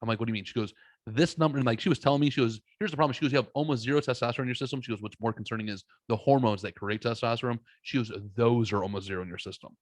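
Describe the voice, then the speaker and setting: A man in his thirties tells a story in a blunt, profane way, voicing each side of the exchange himself. His voice sits at an ordinary pitch for a man. The sound is close and dry, with almost no room around it. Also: racing, no room sound. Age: 30s. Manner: blunt, profane, acts out both sides of stories. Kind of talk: casual podcast storytelling.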